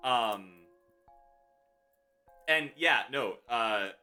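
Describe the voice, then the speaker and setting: A man's voice: mid-range voice, lively intonation, drawn-out words, bright, forceful tone, smooth, soft background music. A man hosting a casual livestream chat, rambling and giggly and often correcting himself. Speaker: streamer host.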